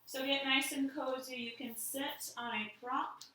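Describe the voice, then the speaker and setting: A woman yoga teacher giving slow, gentle cues for poses and a guided meditation. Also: sits high, fairly even intonation, slight background noise. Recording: very echoey room, distant mic.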